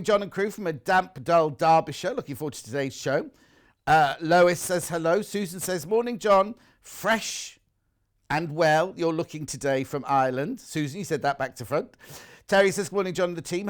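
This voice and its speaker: A male TV shopping host who chats live in a studio, reads out viewer messages and jokes about himself. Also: a little high. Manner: chatty, self-mocking, jokey. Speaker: shopping channel presenter.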